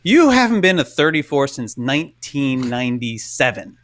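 A man's voice: medium pitch, sing-song, moderate pace, fairly bright tone. A man co-hosting a podcast in casual chat, telling stories in a rambling, self-interrupting way. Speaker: podcast co-host.

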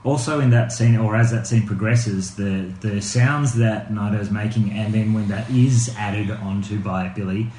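A man's voice: fairly low pitch, fairly even intonation, a little slow, hardly any pauses, dark tone. A man co-hosting a podcast, chatting casually and thoughtfully, now and then breaking into laughing rants. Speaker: podcast co-host. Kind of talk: casual chat. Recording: echoey room with faint hiss.

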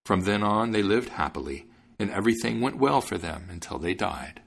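A man hosting a podcast and reading a fairy tale aloud in an expressive, measured way. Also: lowish voice, vocal fry. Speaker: podcast host and narrator.

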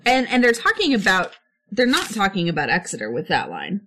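A woman's voice: medium pitch, wildly swooping pitch, brisk, a bit bright, a little hiss or hum. A woman co-hosting a casual chat, retelling a play's scenes in modern slang. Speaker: podcast co-host.

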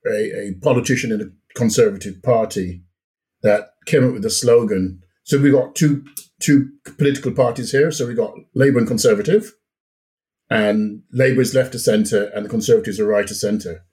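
A middle-aged man with a Jamaican accent mixed with British, telling stories as a guest in a casual conversation, relaxed and often laughing. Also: fairly low pitch, normal speed. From Jamaica and England. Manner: relaxed, laughs often, repeats words as he restarts. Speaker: podcast guest.

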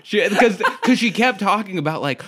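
A man's voice: high-pitched, expressive, normal speed, noisy background. A man chatting as a guest on a podcast, laid-back and wry, telling stories with dry jokes. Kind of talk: casual podcast chat.

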